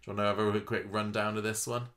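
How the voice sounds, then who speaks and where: Deep-voiced man with dry asides. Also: flat delivery, very fast, fairly bright tone. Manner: dry, wry asides and tag questions. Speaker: podcast co-host. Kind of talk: casual chat recapping a soap.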